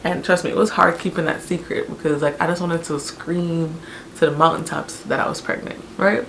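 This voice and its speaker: A young woman telling a personal story in a casual, animated, chatty way, with many fillers. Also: on the low side, moderate pace, gravelly, a little hiss or hum. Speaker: vlogger telling her birth story.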